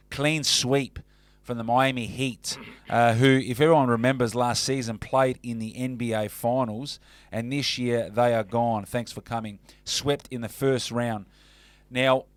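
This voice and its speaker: A man's voice: medium pitch, no room sound. A man co-hosting a casual sports radio show, chatty and matey. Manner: chatty, calls co-host mate.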